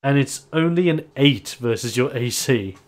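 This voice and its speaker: Guy gm'ing a tabletop game, lively, keeps laughing, mid-pitched voice. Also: moderate pace. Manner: animated narration, laughs often. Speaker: game master. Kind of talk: narrating a tabletop wrestling game.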